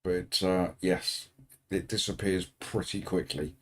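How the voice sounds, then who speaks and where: A British man with a lowish voice chats casually to his viewers on a racing stream. He keeps things light with dry, deadpan jokes tossed in between remarks. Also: slow. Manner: chatty, dry joking asides. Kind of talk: casual chat with a live stream audience.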